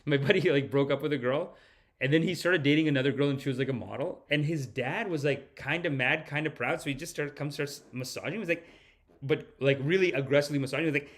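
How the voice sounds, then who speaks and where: A man's voice: on the high side, fast. A man hosting a podcast, reacting to clips in a casual, joking, profane way. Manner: joking, profane, laughing often. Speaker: podcast host.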